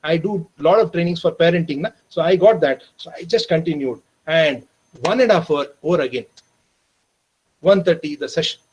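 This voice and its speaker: Earnest husky Indian man telling a story. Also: a little high, rough recording. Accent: Indian English. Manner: earnest, addresses listeners as "my dear friends"; slows and softens for emotional moments. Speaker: teacher trainer. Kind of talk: storytelling lecture. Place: online training session.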